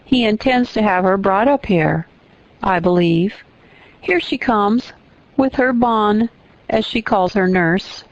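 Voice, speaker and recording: A woman's voice: mid-range voice, slow, dull audio. A woman voicing a kindly, chatty elderly widowed housekeeper who talks in a fussy, exclaiming way, read from an audiobook. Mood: explaining.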